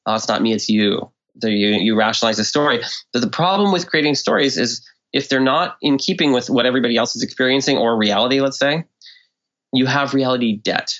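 A man as a podcast guest, explaining ideas in casual talk and often acting out quoted speech with lively swings in tone. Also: medium pitch, quick pace, highs cut off. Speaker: guest expert. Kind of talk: conversational explanation.

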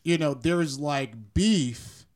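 A man's voice: on the high side, very slow. A young man from South Florida with a South Florida accent, a podcast guest chatting casually in slang. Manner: easygoing, slangy, says "you know what I'm saying" a lot.

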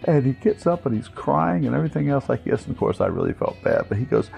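A man telling a funny scouting story, animated and chuckling, acting out other people in high-pitched voices. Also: quick pace, vocal fry, hardly any pauses, soft background music. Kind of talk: storytelling anecdote.

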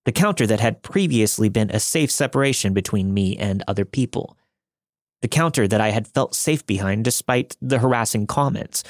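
A man with a low voice narrates true creepy encounters in a steady, measured way. The sound is dry and close, with no room around it. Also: dry recording. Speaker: podcast narrator reading listener stories. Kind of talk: scripted narration.

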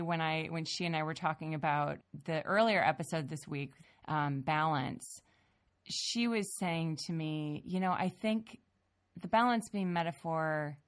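A woman hosting a daily podcast, thinking aloud in a searching, self-deprecating way. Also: low voice. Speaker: podcast host. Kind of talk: casual conversation.

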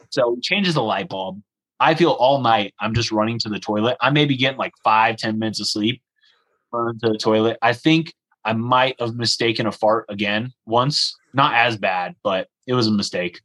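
Animated young man telling a story. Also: medium pitch, normal speed, poor audio. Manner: animated, acts out the dialogue, frequent "like" fillers. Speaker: guest telling a travel story. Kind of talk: casual storytelling.

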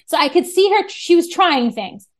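A woman talking as a podcast guest in casual chat, animated, with frequent restarts. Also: very high voice, normal speed.

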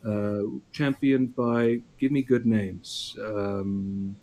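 A man's voice: on the low side, drawn-out words, a crowd in the background. Emphatic radio-style South African man. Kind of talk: casual chat.

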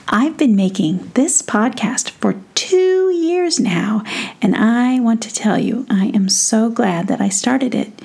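A middle-aged woman hosts a children's podcast in a fairly high, breathy, near-whispered voice. She speaks softly and affectionately, directly to her young listeners.

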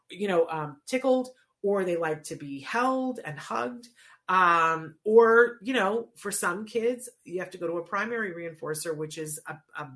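Her voice on the low side and a bit bright, a child language therapy coach talks parents through teaching their child words. She keeps the tone conversational and checks in often by asking "right?"

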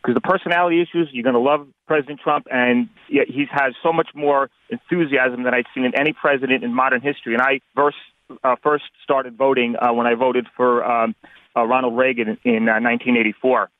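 New york guy in his 50s calling in, formal and halting, thin phone sound. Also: medium pitch, fairly even intonation, no echo. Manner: earnest, formal, hesitant with many uhs. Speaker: caller. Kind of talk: phone-in caller. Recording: tinny phone line.

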